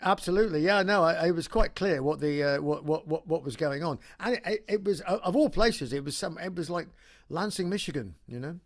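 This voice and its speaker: An Englishman with a fairly high voice chats through his anecdotes with dry humor. He stumbles and restarts often as he tells them, then carries on. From England. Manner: halting, full of restarts, wry storytelling. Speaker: rock singer interviewee. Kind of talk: casual anecdotal chat.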